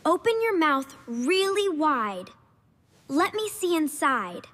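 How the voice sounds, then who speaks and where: A woman voicing a sensible, bossy young girl in a slow cartoon story, scolding and urgent. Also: high-pitched, big pitch swings, a bit bright, full character voice. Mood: worried. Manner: scolding, then urgent and frantic. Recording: reverberant room.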